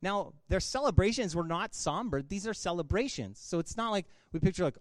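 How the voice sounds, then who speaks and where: A male pastor in his thirties gives a sermon in a loose, conversational way, full of asides and little laughs. His voice sits high for a man. The sound is dry and close, with no room around it. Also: sing-song, normal speed, few pauses, dry recording. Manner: casual, conversational preaching with filler words and laughter.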